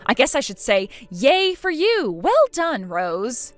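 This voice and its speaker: A woman's voice: fairly high pitch, very animated, normal speed, a bit bright, soft background music. A synthetic woman's voice playing a defiant young daughter-in-law in a text-chat story, sarcastic and dismissive.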